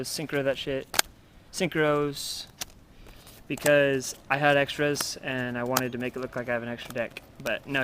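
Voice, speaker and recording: Crude, rambling young man, noisy recording. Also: mid-range voice. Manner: rambling and crude, acting out opponents with loud outbursts. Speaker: card game player showing his deck. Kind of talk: casual profanity-laden deck profile.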